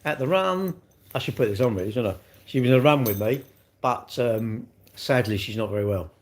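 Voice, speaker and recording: An older man talks into his phone on a casual live stream. His manner is blunt and teasing, and he banters straight back at the chat. His voice sits at an everyday middle pitch. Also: expressive, a little fast. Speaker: livestreamer.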